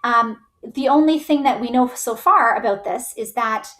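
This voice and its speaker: A woman's voice: on the high side, fairly bright tone. Chatty woman teaching history. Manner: chatty, full of "like" and "right?", acts out groups in quick voices. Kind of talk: casual history lecture.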